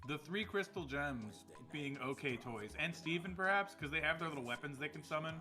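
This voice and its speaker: Young man, casual stream chat, joking, swearing, bright tone, slightly high voice. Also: expressive, fairly quick, soft background music. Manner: joking, laughs often, swears.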